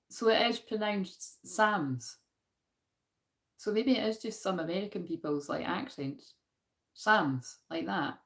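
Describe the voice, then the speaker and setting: A Scottish woman with a broad Glaswegian accent chats her way through a spiritual card reading, mid-pitched and easygoing. She reads verses aloud between asides to her viewers, laughing at herself as she goes. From Scotland. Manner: chatty and self-deprecating, laughing often and talking back to viewers. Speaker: spiritual card reader hosting a live stream. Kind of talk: casual live-stream chat with verse reading.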